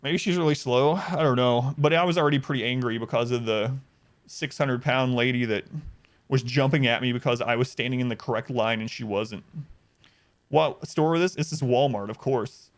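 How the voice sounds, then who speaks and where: A man telling an exasperated story on his live stream, animated and acting out the people he quotes. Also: mid-range voice, moderate pace. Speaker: livestreamer.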